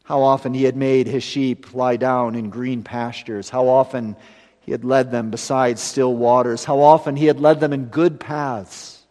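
A man preaching a sermon earnestly, building to emphatic lines and then dropping to a hushed close. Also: mid-range voice, steady tone, unhurried, long reverb tail.

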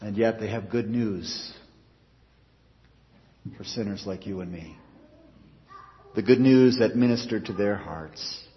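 A male pastor preaches earnestly to his congregation. His voice climbs for emphasis and drops low as each phrase closes. It rings with a long church reverb, and the recording sounds dull and muffled. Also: slow, long pauses. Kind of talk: sermon.

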